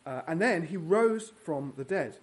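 Preacher man with a slightly high voice. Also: lively intonation, a little slow. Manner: earnest, prays, teaches verse by verse with fillers and restarts. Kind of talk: sermon. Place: church.

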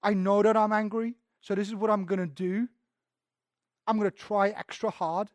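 A man's voice: sits high, flat delivery, moderate pace, no room sound, clean studio sound. A man preaching a sermon as pastor, candid and self-deprecating, often restarting his sentences.

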